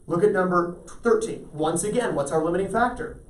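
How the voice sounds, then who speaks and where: A man's voice: high voice, a little fast. Male teacher lecturing in an echoey classroom. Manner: asks the class frequent check-in questions. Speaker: math teacher. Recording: roomy echo, voice from far off.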